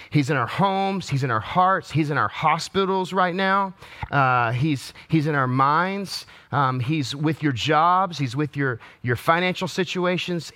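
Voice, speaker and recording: A man's voice: on the high side, sharp tone. A male pastor giving an online Palm Sunday sermon in a conversational, joking way with frequent restarts. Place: empty church or studio.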